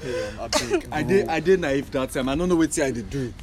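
A man's voice: a little high, fast talker, over a noisy crowd. A Nigerian man, apologetic and sheepish, begging forgiveness from a former partner. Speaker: ex-boyfriend apologizing. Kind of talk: emotional street confrontation.

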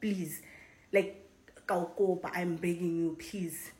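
A woman with a South African accent, reacting in a vlog with excited exclamations, swearing and repeated, earnest pleading. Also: lowish voice, unhurried, rough recording. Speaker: reaction vlogger. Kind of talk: emotional reaction and pleading to camera.

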